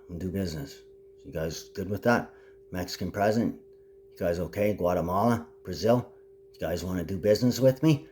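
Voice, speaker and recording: Guy rambling grandiose stuff to the camera, lowish voice, mutters then gets loud. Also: a little hiss or hum. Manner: swings between muttering and loud declaring. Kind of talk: rambling solo monologue.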